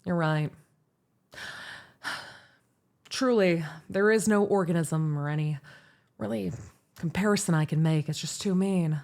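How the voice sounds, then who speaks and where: A young American woman hosting a livestream, chatting casually and answering chat in a rambling, animated way with laughs. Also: fairly low pitch, slow, long pauses. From United States. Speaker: VTuber streamer.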